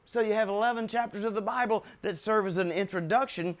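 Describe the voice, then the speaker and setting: An older American man teaching the Bible in an excitable, chuckling way, with sudden loud bursts for emphasis. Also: high-pitched, quick pace.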